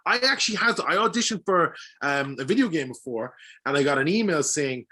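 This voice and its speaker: Brief: Irish man, voice actor guest, animated and sweary, bright edge to the voice. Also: fairly high pitch, brisk, hardly any pauses. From Ireland. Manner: animated, swears freely, laughs often. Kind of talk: casual podcast chat.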